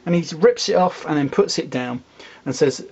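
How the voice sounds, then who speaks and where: A man's voice: a little high, lively intonation, moderate pace, darkish tone, breathy edge. A man casually reviewing comics, rambling, with fillers and asides.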